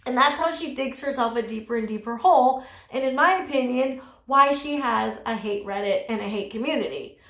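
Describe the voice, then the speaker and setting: A high-pitched woman ranting through casual drama commentary, blunt and sassy with plenty of swearing. Her voice bounces around a roomy, echoey space. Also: fairly quick, hardly any pauses, fairly bright tone. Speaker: commentary YouTuber.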